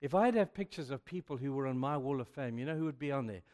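A man's voice: medium pitch, animated, fast talker, darkish tone. Male preacher, chatty and emphatic sermon delivery, long hall echo. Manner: emphatic and chatty, keeps saying "you know". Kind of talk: youth sermon. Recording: echoey hall.

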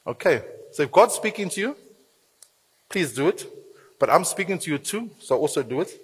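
Husky-voiced man preaching in a hall. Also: on the high side, moderate pace. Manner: lively and humorous, with playful asides. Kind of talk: sermon with church announcements. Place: church hall. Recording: reverberant church hall.

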